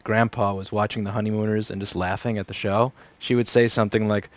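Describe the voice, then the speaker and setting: A man's voice: lowish voice, steady tone, fairly quick, hardly any pauses, dry recording. A man in his thirties, a repair technician, chats casually and sardonically on a livestream, rambling and swearing freely. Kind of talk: casual livestream chat while working. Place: repair shop.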